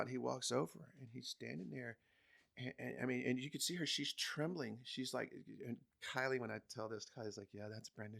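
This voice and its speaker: A man with a gravelly, mid-pitched voice tells a story from his own life as a podcast guest. He leans hard on key words and then drops into hushed asides, keeping a loose, casual flow. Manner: animated storyteller swinging between loud emphasis and hushed asides.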